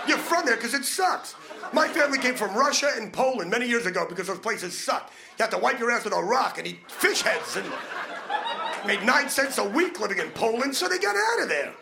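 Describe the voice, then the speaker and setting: A man's voice: extremely high pitch, big pitch swings, brisk, vocal fry, noisy background. A man doing a crude, brash stand-up comedy set, punching his lines.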